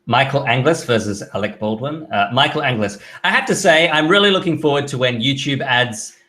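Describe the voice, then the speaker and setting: A man's voice: mid-range voice, expressive, fairly quick, pushed and bright. A man hosting a casual live stream, reading viewer questions aloud and answering them in an offhand, chatty way. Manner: reads out chat questions then answers offhandedly, with fillers.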